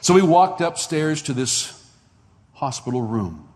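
A man's voice: a little high, measured pace. A male pastor preaching a sermon, telling stories and acting out the dialogue in them. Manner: animated storyteller acting out dialogue. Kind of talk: sermon storytelling. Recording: long reverb of a large hall.

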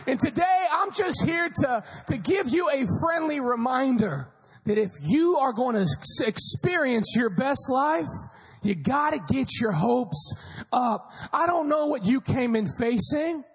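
A man preaching a sermon, telling a story and often shouting with passion. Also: very high voice, expressive, a little slow. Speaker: pastor. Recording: echoey hall.

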